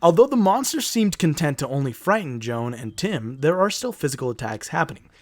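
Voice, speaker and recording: A male podcast co-host reads spooky legends aloud in a fairly high, very lively voice, then slips into jokey, profane asides. The recording is dry and close. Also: fairly quick, no echo. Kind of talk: reading from notes in casual chat.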